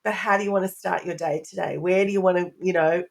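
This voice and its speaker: A woman's voice: lowish voice, steady tone, fast, vocal fry. Earnest woman explaining parenting ideas. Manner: earnest, explanatory, strings of rhetorical questions. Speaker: parenting expert guest. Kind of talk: podcast interview answer.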